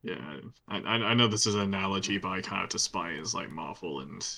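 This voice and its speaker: A man co-hosts a podcast, chatting casually in a halting way and often repeating himself before making a blunt point. His voice sits low, and his tone is very forceful and tense. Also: creaky, slight background noise. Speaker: podcast co-host. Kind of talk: casual chat.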